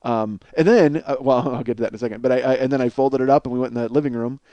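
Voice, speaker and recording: Talking very fast with a steady, warm, medium-pitched voice and no echo, a man on a comedy podcast tells a rambling story full of profanity and self-mockery, laughing at his own jokes. The podcast host has a cold sore on his face, and the piece is a comic storytelling monologue.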